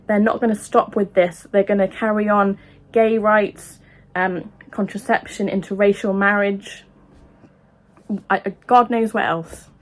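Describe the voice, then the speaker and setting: A woman speaking her opinion in a vlog, emotional and impassioned, halting with frequent restarts and ums. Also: medium pitch. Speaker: vlogger.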